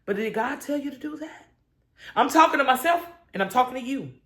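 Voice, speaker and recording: A woman's voice: sits high, animated, a little fast, fairly bright tone. Woman minister, spirited morning devotion, calls and responses with the flock, roomy echo. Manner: exuberant, call-and-response with listeners.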